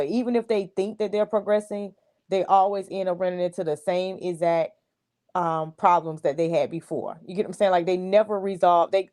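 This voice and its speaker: A woman's voice: medium pitch, mellow. Casual woman guest, rambling explanations, filler-heavy speech. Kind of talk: casual chat.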